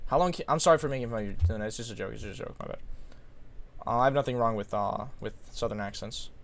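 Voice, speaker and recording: A man streaming live, chatting casually and reacting in quick, slangy bursts. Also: medium pitch, gravelly.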